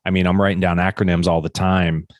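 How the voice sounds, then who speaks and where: Deep-voiced, emphatic middle-aged man. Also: quick pace, no echo. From United States. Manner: emphatic, animated storyteller. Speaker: podcast co-host. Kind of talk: casual chat.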